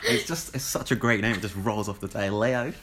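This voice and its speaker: A man's voice: fairly low pitch, animated, fairly quick, fairly bright tone. A man with a British accent co-hosting a podcast in casual chat, teasing and laughing often. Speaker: podcast co-host.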